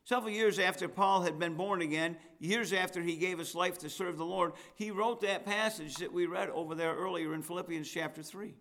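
Deliberate preacher with a raised voice. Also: male voice, fairly even intonation, fairly bright tone. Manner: reads scripture aloud, rising in pitch and force at climaxes. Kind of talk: sermon.

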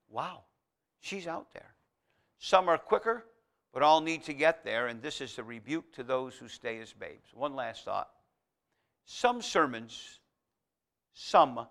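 Medium in pitch with some vocal fry, this preacher's bright, forward voice carries a folksy, conversational sermon. He wanders into asides and restarts before rising to loud, forceful exhortation.

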